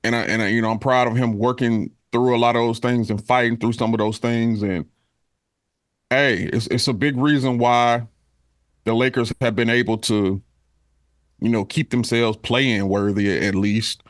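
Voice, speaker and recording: A man co-hosting a sports podcast, speaking haltingly with many fillers. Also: mid-range voice, fairly even intonation, no room sound, studio quality. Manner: halting, full of "you know" fillers. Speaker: podcast co-host. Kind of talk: casual sports podcast chat.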